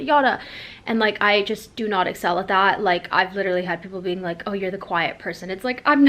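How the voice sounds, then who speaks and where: A woman's voice: mid-range voice, fairly bright tone. Chatty young woman vlogging to camera. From Canada. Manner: chatty, rambling with many fillers. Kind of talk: casual vlog chat to camera. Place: home and outdoors in winter.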